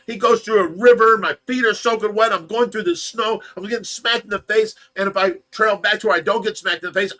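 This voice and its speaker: A man hosting a livestream, telling a story in a casual, animated way and acting out the voices. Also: high-pitched, quick pace, hardly any pauses. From United States. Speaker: livestream host of a fish rescue.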